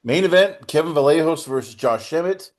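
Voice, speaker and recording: A man's voice: fairly high pitch, lively intonation, a little fast. A man hosting a podcast in casual chat, teasing his guest and slipping into mock-outraged quotes. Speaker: podcast host.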